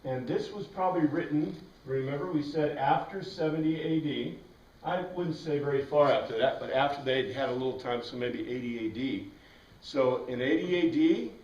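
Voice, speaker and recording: A man teaching a Bible class, lecturing in an animated way and asking the class questions. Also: medium pitch, highs cut off. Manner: animated, asks the class questions, frequent "right?". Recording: echoey room, from a distance.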